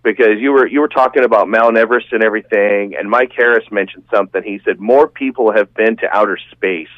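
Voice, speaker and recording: A man's voice: lowish voice, quick pace, dry recording. A man telling a long, rambling, enthusiastic story as a guest in a casual podcast chat. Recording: dull, dry, lo-fi sound.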